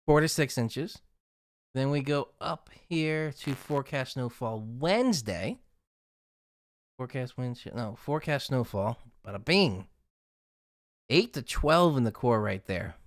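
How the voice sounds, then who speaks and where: A man's voice: medium pitch, animated, a little slow. A man hosting a casual weather livestream, chatting with viewers and reading snowfall forecasts aloud off his screen.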